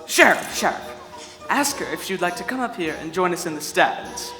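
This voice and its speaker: An actor playing a vain, pompous prince with a cruel streak, haughty and given to giggles, in a live stage play. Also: male voice, high voice, expressive, moderate pace. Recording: echoey hall, music behind.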